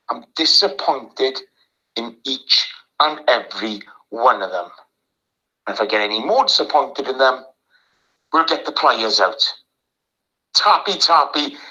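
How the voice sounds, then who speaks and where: A man's voice: mid-range voice, sharp tone, full character voice, low-quality recording. A man voicing a mock-disappointed man who scolds listeners in an exaggerated stern way, with a wandering put-on accent.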